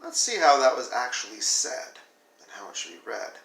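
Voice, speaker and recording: A male teacher giving a video lesson, animated and demonstrating flat versus expressive reading aloud. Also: mid-range voice, moderate pace, vocal fry, echoey room, distant mic, low-quality recording.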